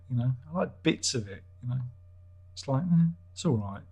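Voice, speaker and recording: A man chats casually on his livestream, reading viewer comments and musing aloud. His voice is husky with a slightly breathy edge, and he rambles, cuts himself off and restarts his sentences with dry, wry asides. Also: mid-range voice, animated, moderate pace, darkish tone. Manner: rambling, self-interrupting, wry. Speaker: livestream host reading chat.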